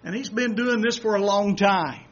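High-voiced man preaching a sermon. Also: moderate pace. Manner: builds from quiet and low to loud, excited exhortation; acts out quoted voices, chuckles between points. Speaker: pastor. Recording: dull lo-fi recording.

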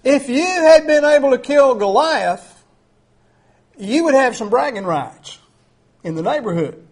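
A preacher with a high voice, well above most men's, gives a conversational yet emphatic sermon. He's animated and keeps a measured pace, relying on filler words and restarting sentences as he builds his points.

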